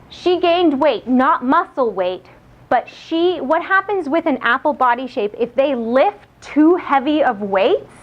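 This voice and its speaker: A woman giving a live lecture on diet and exercise, chatty and lively, asking her audience questions. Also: a little high. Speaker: nutrition speaker. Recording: muffled lo-fi lecture recording.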